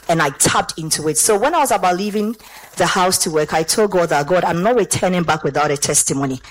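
A woman with a Ghanaian accent giving an animated church testimony, slipping between English and Twi. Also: lowish voice, rough recording.

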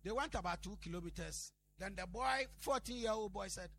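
A man's voice: high voice, expressive, brisk, bright, forceful tone. A male pastor, preaching a sermon and telling a story, switching between Twi and English and building to emphatic peaks.

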